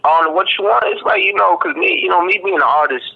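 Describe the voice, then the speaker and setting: A man from Boston, a rapper giving a relaxed interview in slangy talk full of fillers and "you dig.". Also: sits high, fast talker, creaky. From Boston, Massachusetts. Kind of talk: casual interview chat. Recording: dull lo-fi line.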